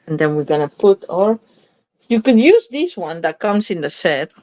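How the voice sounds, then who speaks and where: A woman with a lowish voice hosting a crafting video in a relaxed, chatty way. She talks to herself as she works and keeps catching and correcting her own slips. The sound is dry and close. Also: moderate pace, no echo. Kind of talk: casual crafting demo chat.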